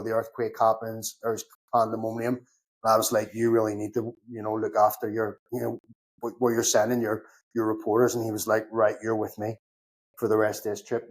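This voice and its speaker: Guesting on a podcast, a Belfast security consultant with a fairly low voice shares animated war stories in a relaxed, chatty way. He plays both parts in the conversations he recounts and swears casually.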